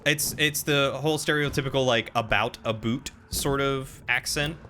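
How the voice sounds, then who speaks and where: A male streamer talks casually over his gameplay at an ordinary pitch, reacting to hits and answering chat. Clear noise from the game sits underneath him. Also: steady tone, moderate pace, sharp tone. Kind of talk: live gameplay commentary.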